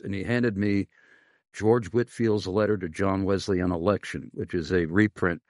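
Host: middle-aged man, very low voice, dry close sound, measured delivery with many pauses. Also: fairly even intonation, a little mellow, dry recording. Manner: measured, pausing often with "uh". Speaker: pastor and podcast host. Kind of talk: conversational interview.

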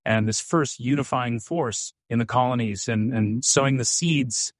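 A man being interviewed as a guest, telling stories in an animated way, quoting himself and often saying "um.". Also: medium pitch, unhurried, dry recording, clean studio sound. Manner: animated, quotes himself, frequent "um". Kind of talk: conversational storytelling.

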